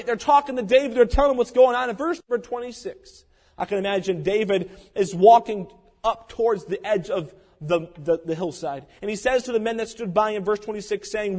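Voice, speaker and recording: A man preaching a sermon, telling a story dramatically and swinging between loud passages and hushed ones. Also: high voice. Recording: long hall reverb.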